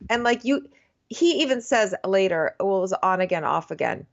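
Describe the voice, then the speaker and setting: A woman co-hosting a casual chat about a TV show, wry and expressive, sometimes quoting people in put-on voices. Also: medium pitch, moderate pace, creaky. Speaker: podcast co-host. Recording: dull lo-fi sound.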